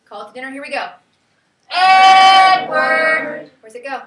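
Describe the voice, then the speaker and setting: A woman teaching a class, leading students with lively, sing-song calls. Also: fairly high pitch, very fast, background noise. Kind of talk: classroom lesson. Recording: echoey classroom from far off.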